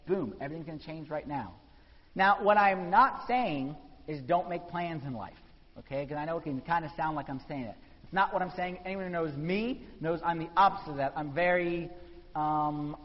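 A man preaching a sermon, telling the story with animated voices for the people in it. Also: on the high side. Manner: animated storytelling, acting out quotes. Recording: dull sound in a reverberant hall.

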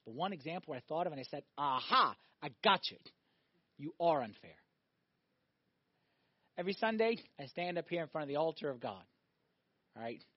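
A middle-aged man preaching a sermon as pastor, animated, swinging between loud emphatic lines and quiet reflective ones. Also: on the high side, normal speed, long pauses, no room sound, lo-fi sound.

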